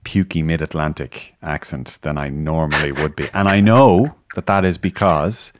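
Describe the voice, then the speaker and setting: Irish male host, low voice, self-deprecating chatter, dry studio sound. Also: normal speed, dry recording. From Ireland. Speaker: podcast host. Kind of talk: conversational interview.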